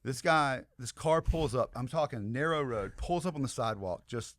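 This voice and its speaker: An American man and podcast guest telling an animated, rambling story in casual chat, with many asides to the listeners. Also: medium pitch, normal speed, dry recording, clean studio sound. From United States.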